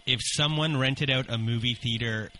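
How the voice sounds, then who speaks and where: A man's voice: mid-range voice, normal speed, bright, forceful tone, poor audio. A man hosting an interview podcast, asking hesitant questions full of fillers. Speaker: podcast host. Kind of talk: casual interview.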